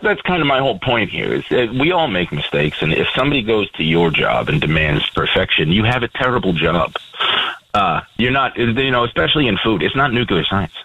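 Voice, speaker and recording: A man's voice: fairly low pitch, sing-song, brisk, bright, forceful tone, breathy edge, no room sound, lo-fi sound. A plainspoken man, an ice cream shop owner speaking as a radio guest. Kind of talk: phone-in radio interview.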